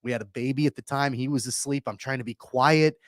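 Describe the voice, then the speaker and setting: A man co-hosting a sports radio show, speaking in an earnest, measured way with frequent fillers into a studio microphone. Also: medium pitch, steady tone, dry recording. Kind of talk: casual sports talk.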